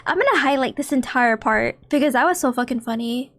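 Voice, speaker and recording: High-pitched giggly young woman streamer. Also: fairly quick. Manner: excitable, giggly, talks straight to chat. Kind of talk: casual livestream chat.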